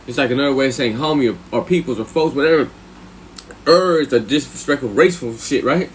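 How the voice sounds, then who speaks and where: A man's voice: medium pitch, quick pace, slight background noise. Profane storytelling man with a Californian accent. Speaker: live streamer. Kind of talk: casual storytelling to a live chat.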